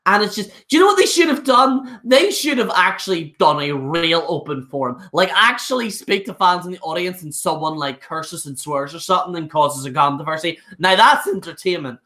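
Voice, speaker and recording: A young man ranting on a live stream, blunt and rambling, who often trips over his words and starts again. His voice is bright and forward, and he delivers his opinions with casual bluntness. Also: fairly high pitch, animated, a little fast, hardly any pauses. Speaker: wrestling show reviewer.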